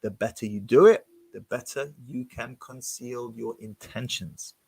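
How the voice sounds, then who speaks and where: A man reading passages from a book aloud and breaking off to comment on them in an expressive, animated way. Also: medium pitch, unhurried, husky, dry recording.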